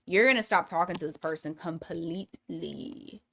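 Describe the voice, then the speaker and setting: A woman's voice: on the low side, moderate pace, a bit bright. A woman giving a casual weekly tarot reading, blunt and profane, thinking aloud as she pulls cards. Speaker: tarot reader.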